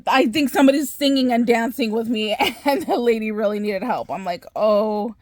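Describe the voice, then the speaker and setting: A woman hosting a craft channel, telling a story in a chatty, animated way with frequent laughs and filler words. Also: on the high side, a little fast, dry recording. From Southern California. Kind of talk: casual storytelling vlog.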